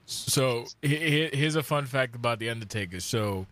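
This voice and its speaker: A man in his late thirties from New York, co-hosting a podcast in casual chat with animated storytelling. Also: medium pitch, normal speed. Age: late 30s. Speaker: podcast co-host.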